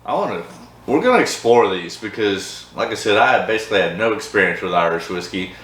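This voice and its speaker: A man's voice: lowish voice, expressive, brisk, fairly bright tone, distant mic. A man hosting a casual whiskey tasting vlog, chatty and upbeat with frequent laughs. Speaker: host of a whiskey review channel. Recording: echoey room with faint background hum.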